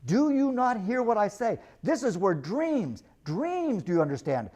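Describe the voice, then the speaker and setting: A man's voice: sits high, sing-song, unhurried, darkish tone, lo-fi sound, pitched above the performer's own voice, exaggerated voice. A man voicing a wild, terrified castaway who pleads and warns in a frantic, repeating way. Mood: urgent warning. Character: wild terrified man marooned on a dark island.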